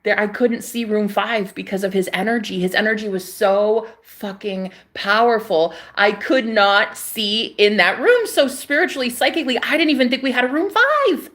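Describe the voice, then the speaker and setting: A woman's voice: medium pitch, moderate pace, few pauses, fairly bright tone. Rambling, laughing woman vlogger. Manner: rambling, laughs often, swears freely. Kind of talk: casual storytelling to camera. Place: at a table at home.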